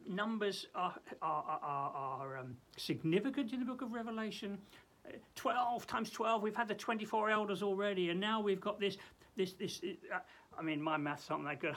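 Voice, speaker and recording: A man, a pastor giving a daily Bible devotional, who hesitates, often repeats words and drops to a soft hush. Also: high-pitched.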